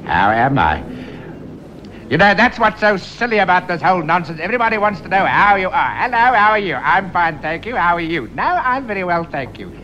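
A man's voice: sits high, sing-song, brisk, highs cut off, heavily acted. An actor playing a grumpy middle-aged man with gout who rants and flares up, in a 1970s radio comedy. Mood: ranting. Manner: indignant ranting, flaring into shouts. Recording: hissy old radio tape.

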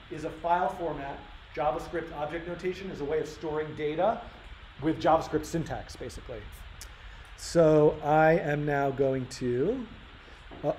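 A man with a fairly high, slightly mellow voice teaches a live-coding session in a workshop room, thinking aloud and frequently restarting or using fillers. Faint room noise runs through the roomy live-stream recording.

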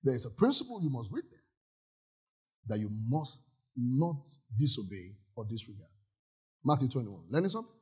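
A man's voice: mid-range voice, sing-song, normal speed, pauses often, darkish tone, breathy edge. A male pastor preaching a sermon in a church, emphatic and often asking the congregation if they follow.

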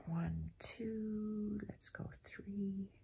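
A woman giving a step-by-step embroidery tutorial at home, softly counting her stitches aloud and often dropping to a half-whisper. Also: mid-range voice, fairly even intonation, drawn-out words, creaky, husky. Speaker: embroidery instructor.

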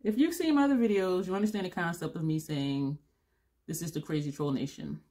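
A woman's voice: on the low side, fairly quick, dark tone. A woman in her fifties chatting casually to camera as a beauty vlogger, blunt and rambling, laughing now and then, a little tired. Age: 50s.

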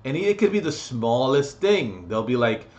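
Young male vlogger, crude and rambling, swears a lot, average pitch. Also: very animated, normal speed, darkish tone. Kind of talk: casual rambling monologue.

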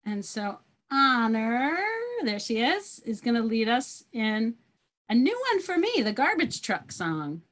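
A woman's voice: on the high side, big pitch swings, slow pace, a bit bright. Upbeat woman introducing song leaders. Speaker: teacher hosting a school video call. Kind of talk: casual emcee introductions. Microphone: video call.

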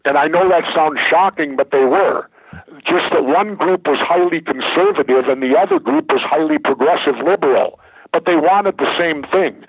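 A man's voice: a little high, husky, no room sound. Blunt older man on a tinny line. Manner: blunt, emphatic storyteller. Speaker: guest, former governor. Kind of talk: candid interview talk. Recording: tinny phone line, dry.

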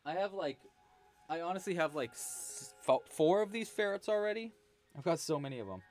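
A man hosting a casual crochet livestream, talking quietly to himself as he works and chatting with viewers, with faint music behind. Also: a little high, moderate pace. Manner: relaxed, murmurs to himself while working, chatty with viewers.

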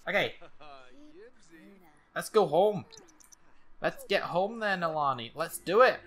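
A gaming channel host giving excitable, jumpy let's-play commentary, with frequent laughs and sudden exclamations. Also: mid-range voice, slow pace, long pauses.

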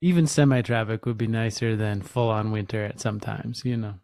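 Laughing relaxed male podcast co-host. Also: on the low side, fairly quick, vocal fry, dry recording, clean studio sound. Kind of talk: podcast chat and scripted intro.

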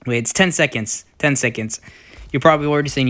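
A young man giving casual, rambling gameplay commentary with lots of fillers and sudden excited outbursts. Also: mid-range voice, quick pace. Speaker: gaming YouTuber.

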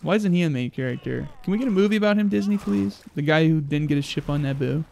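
A young man giving loud, crude, excitable commentary while playing a video game. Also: on the high side, fast, vocal fry. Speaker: gaming YouTuber. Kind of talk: let's play commentary.

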